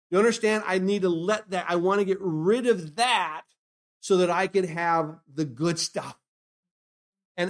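A man preaches to his congregation, answering his own rhetorical questions and repeating key phrases. His fairly high voice drops to near hushed lines, then climbs into loud, emphatic bursts. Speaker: pastor. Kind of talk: sermon.

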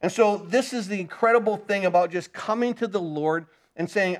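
A man preaching an earnest sermon, repeating words and swinging between intense and hushed delivery. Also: sits high, moderate pace, few pauses. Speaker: pastor.

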